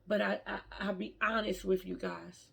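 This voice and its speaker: Woman talking about her faith to her viewers, raspy, a bit of fry, emotional and stumbling over her words. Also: medium pitch, level tone, moderate pace, fairly bright tone. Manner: emotional, heartfelt, stammering restarts. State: tearful at times. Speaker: vlogger. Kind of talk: personal faith vlog.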